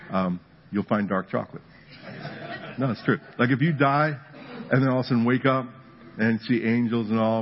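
A man preaching a conversational sermon, telling a humorous story that builds to animated emphasis. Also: fairly low pitch, highs cut off, slight background noise. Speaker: pastor.

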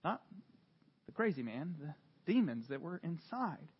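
A man preaching a sermon, retelling scripture with dramatic swings from hushed to loud, animated storytelling. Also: a little high, measured pace, slightly rough, muffled recording. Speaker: pastor.

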